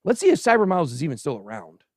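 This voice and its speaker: A man hosting a casual livestream crypto show, giving animated and sarcastic commentary as he chats with a co-host and the live chat. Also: on the high side, very fast, no echo, studio quality. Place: show studio stage.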